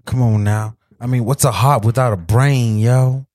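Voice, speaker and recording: A man's voice: medium pitch, steady tone, normal speed, a little mellow, no room sound. A man co-hosts a casual podcast, throwing in wry, teasing remarks. His voice sits mid-range and sounds close and dry, with almost no room around it. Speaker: podcast co-host.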